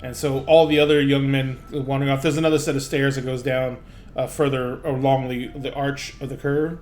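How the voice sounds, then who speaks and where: A man narrating as game master of a tabletop game, halting with fillers and self-corrections. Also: medium pitch, flat delivery, darkish tone, soft background music.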